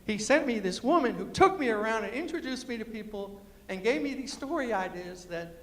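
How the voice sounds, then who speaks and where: High-voiced man telling a story in a hall. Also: lively intonation, a little fast. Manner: acts out quotes, punchy and emphatic. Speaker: storyteller and motivational speaker. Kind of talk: humorous storytelling speech. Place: university lecture hall. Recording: echoey hall, long reverb.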